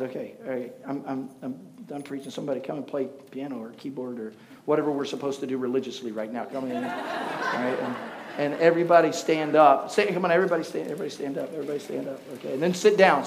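A man preaching to a congregation, joking with the crowd and building to loud, passionate preaching. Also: mid-range voice, steady tone, fast talker, slight background noise. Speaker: pastor. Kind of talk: sermon.

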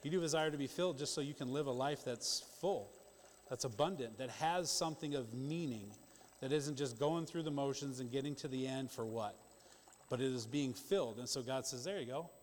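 A man's voice: medium pitch, a little hiss or hum. Guy preaching in church, chatty and punchy, voice rings around a big echoey sanctuary. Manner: conversational, emphatic preaching with quick asides. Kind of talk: sermon. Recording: long church-hall reverb.

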